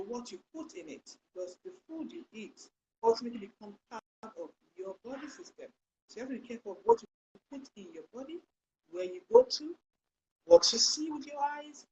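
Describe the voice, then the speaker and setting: A woman hosting a Christian health talk show, speaking in a lively, sermon-like way with loud bursts for emphasis. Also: fairly high pitch, slight background noise, low-quality recording. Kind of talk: live online talk show, preachy storytelling.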